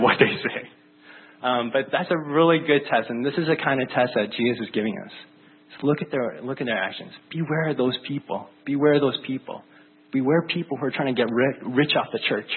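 A man's voice: medium pitch, slight background noise. A man who is a pastor, preaching a conversational sermon in a casual, chatty way with many fillers. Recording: phone-like narrow band.

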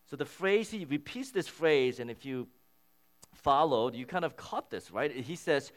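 A man's voice: mid-range voice, animated, measured pace. A man preaching a sermon as pastor. He talks to the congregation in a conversational way, stresses key phrases and repeats them, and his voice climbs when he makes a point. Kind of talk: sermon with scripture reading.

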